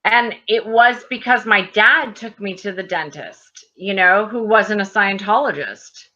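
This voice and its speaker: A woman's voice: mid-range voice, a little slow, pushed and bright, dull audio. A woman in her thirties telling a personal story in casual conversation, animatedly acting out the dialogue. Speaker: guest.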